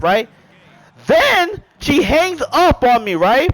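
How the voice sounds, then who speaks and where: A man with a high voice tells a casual storytime monologue. He is animated and profane and keeps tagging his sentences with "bro" and "right?". The sound is dry and close. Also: takes it slowly, no room sound, rough recording. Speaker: storyteller vlogger.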